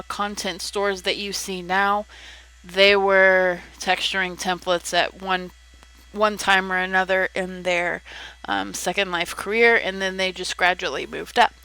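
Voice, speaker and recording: Bright-voiced chatty young woman. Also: fairly low pitch, rough recording. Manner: chatty, with frequent ums and restarts. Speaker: content creator giving advice. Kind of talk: casual tutorial vlog.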